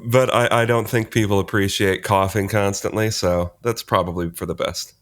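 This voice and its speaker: A man's voice: on the low side, steady tone, normal speed, a bit bright. A man co-hosting a casual tech podcast, laid-back, with short replies and easy laughs. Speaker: podcast co-host.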